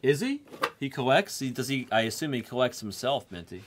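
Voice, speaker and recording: A man's voice: medium pitch, very animated, fairly quick, slight background noise. A man hosting a sports card break, rattling off player names and card types while chatting with viewers. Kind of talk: live card break call-outs.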